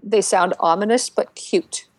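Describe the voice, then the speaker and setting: A woman co-hosting a casual podcast, telling game stories with lots of fillers and restarts, and getting animated when she quotes other players. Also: medium pitch, a little slow, dry recording. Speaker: podcast co-host. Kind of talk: casual chat about a video game.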